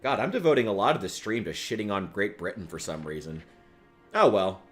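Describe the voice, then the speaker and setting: A fairly low-pitched man chatting loosely while he plays a game. He rambles, swears freely and restarts his sentences, keeping a jokey, offhand tone. Faint game music sits underneath his voice. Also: animated, fairly quick. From United States. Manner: rambling, profane, joking, with frequent restarts. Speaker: streamer. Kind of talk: casual gaming stream chat.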